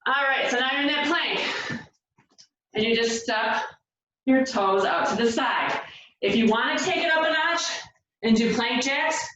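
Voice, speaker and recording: A woman's voice: fairly high pitch, a little slow, long pauses, slight background noise. Breathless woman coaching a workout in an echoey room. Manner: energetic, coaching and counting down. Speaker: fitness instructor. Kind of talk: home workout instruction. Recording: echoey room, distant mic, dull sound.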